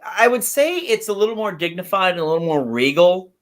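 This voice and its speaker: Lively, animated male podcast co-host. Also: high-pitched, brisk. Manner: animated, enthusiastic, stumbles into restarts. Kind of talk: casual chat reviewing cartoons.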